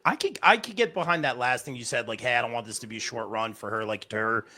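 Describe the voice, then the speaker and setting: Bright-sounding guy hosting a live stream, reads the chat, dry close sound. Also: mid-range voice, quick pace, dry recording. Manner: reads viewer comments aloud. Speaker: podcast host.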